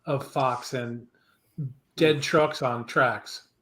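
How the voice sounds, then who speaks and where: A man's voice: mid-range voice, fairly even intonation, drawn-out words, fairly bright tone. A man hosting a casual podcast, adding wry, teasing remarks to the conversation.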